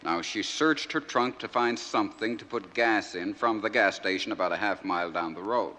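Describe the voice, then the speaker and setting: A man, a radio host telling jokes in a folksy, animated way. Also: fairly low pitch, normal speed. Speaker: radio host and comic storyteller. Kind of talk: stand-up joke telling. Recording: reverberant 1971 live LP.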